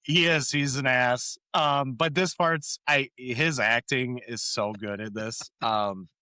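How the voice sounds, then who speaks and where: A man's voice: mid-range voice, slow pace, no room sound. A man co-hosting a podcast, recapping a sitcom episode in casual chat and acting out the characters' lines between laughs. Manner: animated retelling, quoting lines with frequent laughs. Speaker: podcast co-host.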